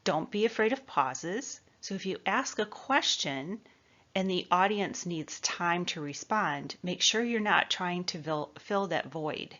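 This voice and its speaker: A woman from the American Midwest giving an instructional talk on presentation skills, with a clear, measured coaching delivery. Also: on the low side, lively intonation, fairly bright tone, muffled recording.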